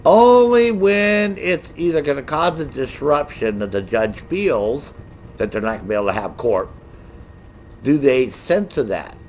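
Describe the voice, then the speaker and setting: A middle-aged man ranting casually with a lot of profanity, in a lively, mocking storytelling way. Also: medium pitch, unhurried, slight background noise. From United States. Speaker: gaming streamer.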